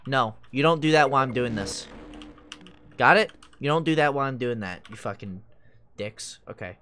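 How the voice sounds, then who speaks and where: A man's voice: mid-range voice, lively intonation, normal speed, pushed and bright, slight background noise. A young man streaming a video game, talking casually and swearing often, with frequent frustrated outbursts at the game. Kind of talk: live gameplay commentary.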